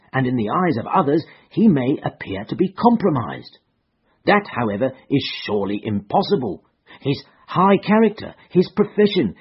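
A frightened landlady mother, played by a male narrator, anxious and pleading, her voice pushed high and strained. It comes across husky and breathy on a dull, lo-fi recording of a storybook. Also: full character voice. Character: distressed, agitated older landlady mother.

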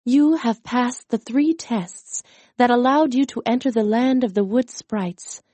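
A woman reads the part of a gracious fairy queen from a storybook, speaking with gentle, regal warmth. The voice is unhurried and mellow, with a fairly high pitch and a dry, close sound. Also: no echo.

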